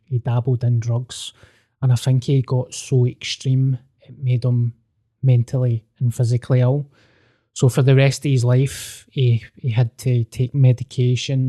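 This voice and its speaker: A young man and podcast host telling a personal story in a casual, sweary, animated way, often restarting his sentences. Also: medium pitch.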